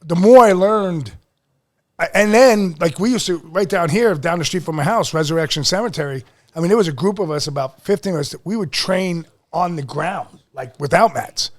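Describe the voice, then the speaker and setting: Middle-aged male podcast host, high-pitched, swears freely, plays out every quote in his stories. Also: normal speed. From Lehigh Valley, Pennsylvania. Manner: animated, profane storyteller who acts out quotes. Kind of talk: casual podcast storytelling.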